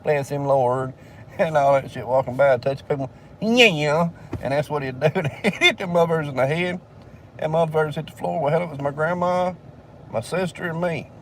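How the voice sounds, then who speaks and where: A man's voice: on the high side, a little fast, distant mic. An older man spins a long, cussing yarn in a loose, drawling way, chuckling as he goes. He sits a little back from the mic, with a faint hum of a vehicle behind him. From southern United States. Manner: profane, rambling, drawling, laughs between lines. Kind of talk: casual storytelling.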